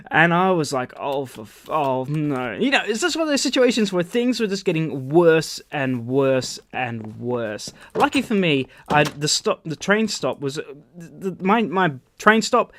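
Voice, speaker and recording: Animated Australian man rambling anecdotes. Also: a little high. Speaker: gaming channel host. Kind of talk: storytelling over gameplay commentary.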